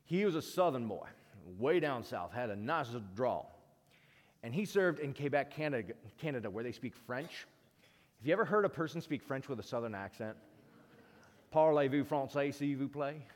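Higher-voiced male preacher in a reverberant hall. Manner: storytelling, rising to emphatic peaks then dropping quiet. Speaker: pastor. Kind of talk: sermon. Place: church. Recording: long reverb of a church hall.

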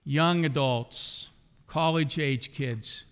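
A man's voice: on the high side, very slow, fairly bright tone, clear, resonant tone. A middle-aged man preaching a sermon as a pastor, asking the congregation rhetorical questions. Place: church sanctuary. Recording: long hall reverb.

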